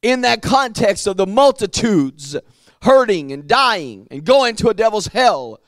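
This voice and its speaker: A pastor preaching a sermon with impassioned, drawn-out emphatic phrases and repeated words. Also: male voice, high voice, very animated, fairly bright tone, dry recording, studio quality. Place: church sanctuary.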